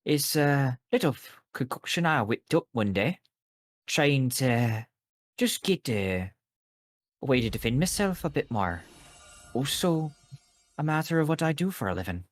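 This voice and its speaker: A man voicing an imposing male traveling investigator who speaks in a gruff, blunt, street-slang way in a tabletop game. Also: medium pitch, very animated, a little slow, pauses often, no echo. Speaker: player.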